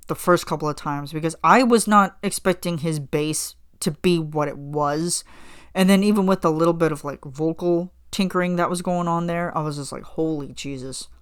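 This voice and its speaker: Smooth, lower-voiced woman chatting excitedly. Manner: animated storytelling, acting out her own reactions. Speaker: podcast host. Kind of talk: casual chat.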